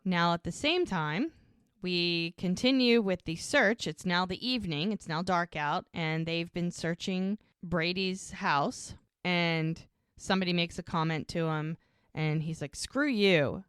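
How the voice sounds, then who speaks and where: A woman's voice: on the low side, unhurried, a bit bright, clear, resonant tone, dry recording, clean studio sound. A woman co-hosting a rewatch podcast, retelling the scenes in casual chat and briefly putting on little voices for the characters' lines. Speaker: podcast co-host recapping episodes.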